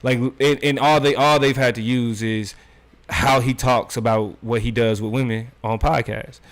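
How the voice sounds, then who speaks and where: A man's voice: mid-range voice, steady tone, normal speed. A man co-hosting a podcast in casual commentary chat, blunt and emphatic, often repeating phrases for emphasis. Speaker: podcast co-host.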